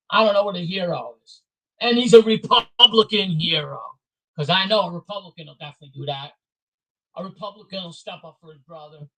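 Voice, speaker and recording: A man speaks in a high register, rattling off repeated complaints in a blunt, heated way. His tone is bright and a little sharp, as in a solo rant recorded for his own channel. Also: poor audio. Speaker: vlogger. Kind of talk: angry political rant to camera.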